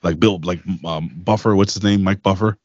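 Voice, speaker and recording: A lower-voiced man chatting casually on a podcast, swearing freely and rambling through his stories. The sound is dry with no room to it, and slightly muffled. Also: fairly even intonation, fairly quick, dry recording. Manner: loose, profane, rambling storyteller. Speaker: podcast co-host. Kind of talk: casual wrestling podcast chat.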